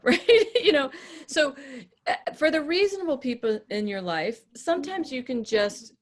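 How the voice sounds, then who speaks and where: A woman's voice: high voice, expressive, normal speed. Direct, matter-of-fact woman coaching. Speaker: podcast host and relationship coach. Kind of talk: coaching talk to a small group.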